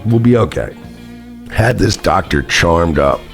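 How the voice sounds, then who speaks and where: A man with a very low voice tells a story straight to his viewers in a loose, sarcastic, profane way. He rambles and brushes details aside with "blah, blah". Faint guitar music plays underneath. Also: lively intonation, measured pace, vocal fry. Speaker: vlogger. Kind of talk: casual storytelling.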